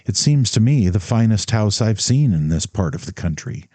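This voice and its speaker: A man voicing a cheerful, gently mocking young woman in a storybook reading. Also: lowish voice, expressive, normal speed, no room sound. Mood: admiring. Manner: light, amused, gently mocking.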